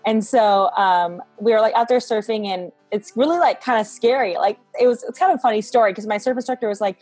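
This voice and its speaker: A woman's voice: fairly high pitch, quick pace, few pauses, darkish tone, soft background music. A woman in her twenties, a guest in a faith interview, chatting casually and peppering her speech with "like" and "um". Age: 20s. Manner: chatty, frequent "like" and "um".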